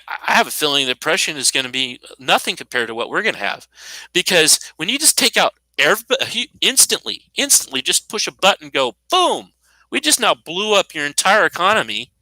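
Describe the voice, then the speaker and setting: A man in his fifties from the United States, his voice high-leaning, bright and forceful, gives an indignant, sarcastic monologue with no script. He rambles with many restarts. The recording is low quality and dry.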